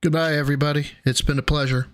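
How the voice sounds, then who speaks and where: A man's voice: on the high side, little pitch movement, quick pace, noisy background. A man streaming, reacting to a clip with sarcastic, exasperated commentary and a lot of swearing.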